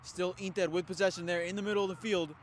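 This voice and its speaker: A man calling a live amateur football match play by play, hiccuping, with excited calls and quieter asides. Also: high voice, fast talker, a little hiss or hum. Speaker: play-by-play commentator.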